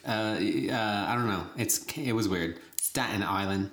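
Casual co-host: a woman with a very low voice, jokey, in an echoey room. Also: a little slow, slight background noise. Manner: playful, giggly, jokey. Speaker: podcast co-host. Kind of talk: casual chat.

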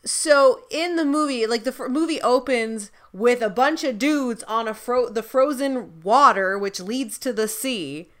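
A woman's voice: a little high, unhurried, few pauses, a bit bright. A young woman co-hosting a podcast, going off on tangents and restarting her sentences in casual chat about a TV show. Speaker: podcast co-host.

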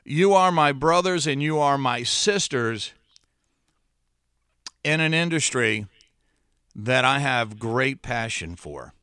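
A middle-aged man hosting a solo podcast in a trained broadcaster's voice, speaking earnestly and with long dramatic pauses. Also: mid-range voice, animated, bright, forceful tone, smooth, no echo, clean studio sound. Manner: slow deliberate delivery with dramatic pauses; earnest, heartfelt. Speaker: podcast host.

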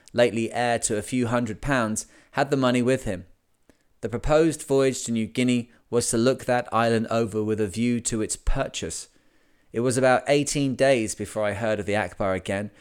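A man hosting a podcast, reading an old sea memoir aloud in a measured, deliberate way. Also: mid-range voice, clean tone. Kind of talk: audiobook narration of a memoir.

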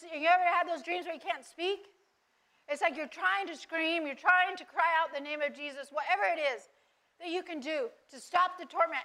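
A woman's voice: very high-pitched, bright, forceful tone. A woman giving earnest devotional Bible teaching, asking listeners rhetorical questions.

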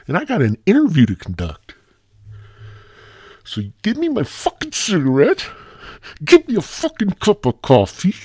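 A frantic anchorman barks for his cigarette and coffee in a strained, high, shouting voice, as a man puts him on. The voice is husky and sits dry and close to the mic. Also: no echo, full character voice. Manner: shouting, profane, impatient. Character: frantic cursing male news anchor demanding his cigarette.

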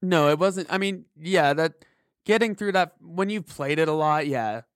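A man's voice: on the high side, moderate pace, no room sound, studio quality. A man co-hosting a podcast, chatting casually about a video game, rambling and restarting his sentences. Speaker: podcast co-host.

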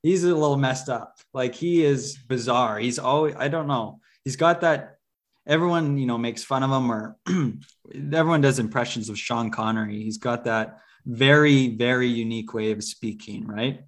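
A man's voice: mid-range voice, moderate pace. Man, podcast co-host, loose chatty movie talk, lots of ums and restarts. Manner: rambling, many fillers and restarts. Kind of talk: casual movie review chat.

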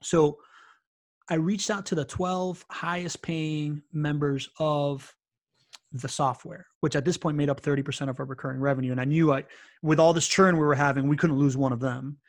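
A man guesting on a podcast, telling stories in an animated, casual way full of fillers and "right?" tags. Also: on the high side, normal speed, no echo, studio quality. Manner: animated, filler-heavy, keeps asking "right?". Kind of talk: casual interview storytelling.

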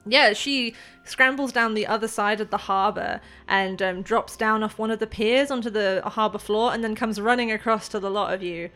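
A woman's voice: medium pitch, moderate pace, few pauses, bright, forceful tone, soft background music. A woman narrating as game master of a tabletop game in a casual way with many fillers.

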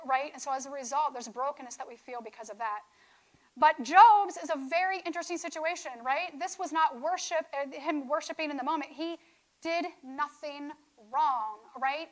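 In poor audio, a woman with a high-pitched, slightly bright voice delivers a conversational sermon on scripture. She frequently checks in with "right?"

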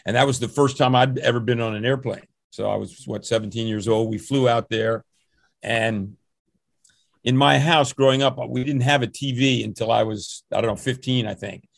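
An older man with a gravelly, creaky voice, recorded dry and close, tells long stories as a veteran coach. He rambles warmly from anecdote to anecdote, with plenty of restarts and small chuckles. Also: medium pitch, steady tone, normal speed, no room sound. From New Jersey, USA. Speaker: swim coach. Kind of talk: relaxed interview storytelling.

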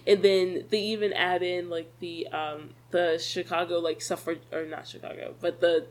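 A woman's voice: on the low side, flat delivery, normal speed, a little mellow. A woman in casual chat recapping a film, chatty and wry.

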